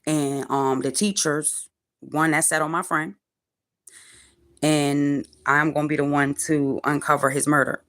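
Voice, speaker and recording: A woman's voice: low voice, steady tone, unhurried, a bit bright. A woman in her forties ranting on a livestream from her car, profane, defiant and preachy. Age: 40s. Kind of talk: angry livestream rant.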